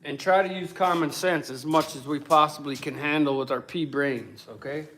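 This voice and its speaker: A man's voice: fairly high pitch, moderate pace, fairly bright tone. A man livestreaming from his home workshop, swearing constantly and ranting at his chat while he builds. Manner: profane, combative, ranting. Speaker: livestreaming woodworker. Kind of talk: casual livestream rant while working.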